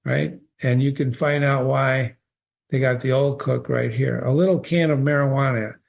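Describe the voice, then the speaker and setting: A man's voice: medium pitch, moderate pace, vocal fry. A man reading passages from a short story aloud and analyzing them, stopping often to put rhetorical questions to his listeners. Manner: animated, questioning, stops to quote the text and ask rhetorical questions. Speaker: literature teacher.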